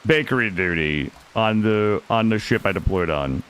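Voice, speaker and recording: A man streaming a game live, talking casually to his chat in an excitable, slangy way and swearing freely. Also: on the low side, normal speed, a little hiss or hum.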